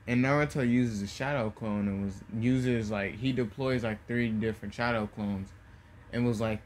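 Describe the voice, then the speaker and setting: A man casually retelling a fan story, halting often with fillers and restarts. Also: fairly low pitch, a little hiss or hum.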